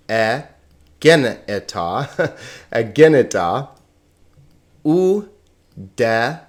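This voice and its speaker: A man teaching a recorded Greek lesson, sounding words out slowly syllable by syllable. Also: lowish voice.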